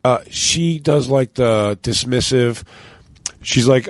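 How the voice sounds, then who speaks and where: Male podcast co-host, casual storyteller, animated and profane, dry close sound, acts out quotes. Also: medium pitch, takes it slowly, no room sound. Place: cruise ship.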